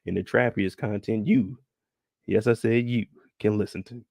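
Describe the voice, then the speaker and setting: Woman putting on a gravelly deep radio announcer. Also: normal speed, a little mellow, no echo, clean studio sound, heavily acted. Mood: smooth. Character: smooth deep-voiced male radio announcer. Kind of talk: mock radio commercial.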